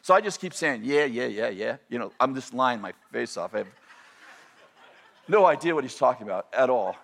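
In a sermon, a man with a mid-range voice tells a personal story at a brisk clip, animated and interrupting himself, often repeating and restarting phrases.

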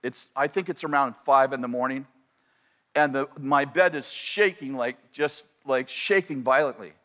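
A man telling a personal story in a sermon, animated and self-interrupting, often repeating and restarting his phrases. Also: medium pitch, moderate pace.

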